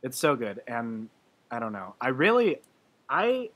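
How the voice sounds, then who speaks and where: A young man with a bright, forceful voice talks casually on a movie podcast. He is earnest and gushing, full of ums and restarts as he recalls favourite scenes, at a mid pitch. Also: big pitch swings, unhurried. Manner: earnest, gushing, with frequent fillers. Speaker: podcast co-host. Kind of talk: casual movie review chat.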